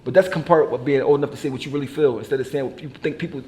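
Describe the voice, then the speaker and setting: A man telling stories in casual, profane conversation, animated and laughing as he goes. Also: mid-range voice, racing. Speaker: artist being interviewed. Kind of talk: casual storytelling chat.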